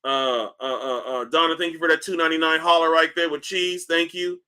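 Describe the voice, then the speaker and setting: A man hosting a casual livestream, reading comments aloud in a loose, profane, animated way while in back pain. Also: on the high side, fairly quick, clean tone. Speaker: livestream host. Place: indoors at home, seated.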